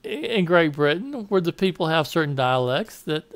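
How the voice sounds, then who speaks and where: An expressive, high-leaning male voice comes through at a moderate pace with no echo. This Southern American political commentator offers a rambling opinion piece, often revising what he's said and laughing at his own side comments.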